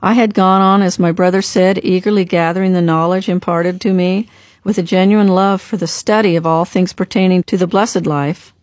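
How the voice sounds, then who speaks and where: A woman narrating a devotional story in a calm, reverent, measured audiobook reading. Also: lowish voice, no echo, studio quality.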